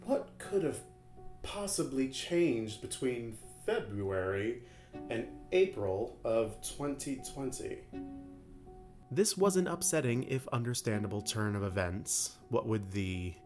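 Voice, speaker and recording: A man's voice: fairly low pitch, expressive, takes it slowly, darkish tone. Man, video essay narration, dry jokey asides, guitar music playing under the voice.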